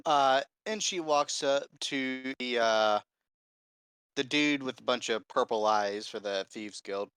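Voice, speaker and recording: A man playing a character in a tabletop game, speaking slowly and hesitantly. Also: medium pitch, a bit bright, clear, resonant tone, dry recording. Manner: slow, hesitant. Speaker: player.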